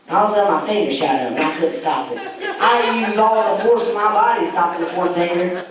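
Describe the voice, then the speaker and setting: A man's voice: high voice, a little fast, slight background noise. A young man doing a stand-up set, telling stories with lots of laughter and acted-out voices. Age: young adult. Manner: animated storytelling, acts out voices, laughs often. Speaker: stand-up comedian. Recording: echoey hall, mic heard from far off.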